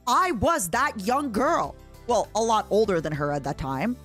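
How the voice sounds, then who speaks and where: A young woman streaming casually from home, gushing and quick to laugh as she reacts to videos and chats with her viewers. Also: mid-range voice, animated, fairly bright tone, dry recording, faint music behind.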